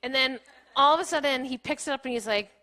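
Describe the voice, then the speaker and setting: Woman speaker in her thirties, slightly high voice, candid and chatty storytelling, laughs often. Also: fast talker, pushed and bright. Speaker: keynote speaker. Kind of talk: personal storytelling talk. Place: small playhouse stage.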